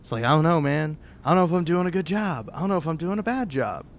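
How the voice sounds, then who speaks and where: A man's voice: a little high, lively intonation, fast, a little hiss or hum. A young man doing let's play commentary, rambling, self-deprecating and swearing freely. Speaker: streamer playing a narrative game.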